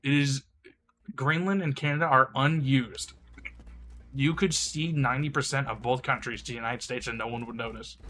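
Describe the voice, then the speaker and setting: Young male streamer, bright voice, crude mocking rants. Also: medium pitch, steady tone, moderate pace, a little hiss or hum. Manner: crude, mocking, laughs often. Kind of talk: casual game-stream rant.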